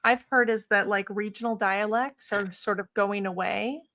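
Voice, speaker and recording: A woman's voice: mid-range voice, fairly even intonation, pushed and bright. Curious woman co-host asking questions. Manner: curious, halting questions with fillers. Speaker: podcast co-host. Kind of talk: casual podcast interview.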